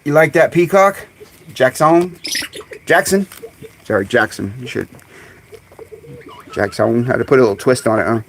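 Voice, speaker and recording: A man hosting a casual live stream outdoors among his birds, chatting away and calling to them in high coaxing tones, recorded on a phone. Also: big pitch swings, fast talker, slight background noise. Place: outdoors in a bird yard on a sunny day. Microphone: phone camera.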